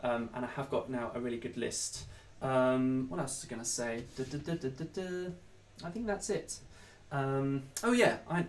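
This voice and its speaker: A man's voice: medium pitch, far from the mic. Chatty man, slightly off-mic. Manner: chatty, rambling, many ums. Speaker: online choir leader. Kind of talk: casual chat to viewers. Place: home during lockdown.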